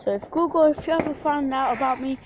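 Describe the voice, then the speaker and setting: A woman's voice: high-pitched, fast, noisy background. A woman from Portugal rambling casually and defiantly in a vlog outdoors at night, swearing now and then. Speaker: vlogger. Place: outdoors at night during fireworks.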